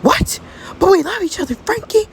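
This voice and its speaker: A woman voicing a pregnant teenage girl who clings to her boyfriend and pleads in a high voice. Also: expressive, a little fast, a little mellow, a little hiss or hum, lightly acted. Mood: shocked.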